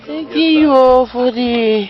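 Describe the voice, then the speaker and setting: An actor with a Nigerian accent playing a teasing young man who heckles his friend with loud exclamations. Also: very high voice, muffled recording. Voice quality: exclamatory, teasing, drawn-out reactions. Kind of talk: Nollywood comedy film acting. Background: faint background music.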